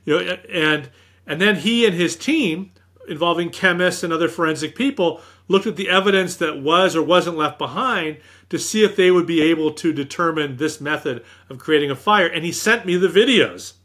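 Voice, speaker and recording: A man as a guest author in an interview, telling anecdotes in a lively, self-deprecating way. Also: on the high side, normal speed. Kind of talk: storytelling in an interview.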